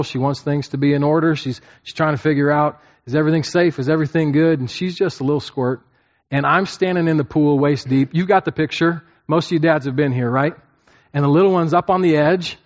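A man preaching and teaching from scripture to a group. He often repeats his points and checks in with his listeners. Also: fairly high pitch. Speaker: pastor teaching a class. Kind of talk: sermon-style Bible teaching. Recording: dull lo-fi recording.

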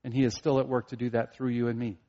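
A man preaching a sermon as a pastor, earnest, at times rising to emphatic preaching and at times dropping quiet. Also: medium pitch, little pitch movement, quick pace, lo-fi sound.

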